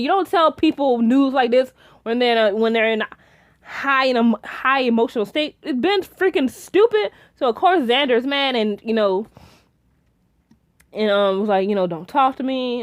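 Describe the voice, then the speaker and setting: A young woman reviewing a TV episode in casual chat, rambling and excitable with many restarts and fillers. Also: a little high, dry recording, studio quality. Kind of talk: casual episode recap and theorizing.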